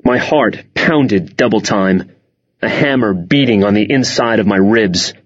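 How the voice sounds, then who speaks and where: A man narrating a first-person story for an audiobook in a measured, tense manner. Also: lowish voice, dull audio.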